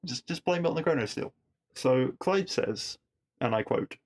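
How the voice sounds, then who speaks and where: A man's voice: mid-range voice, expressive, moderate pace. A man hosting a podcast, casually recapping a TV episode with wry asides and rhetorical questions.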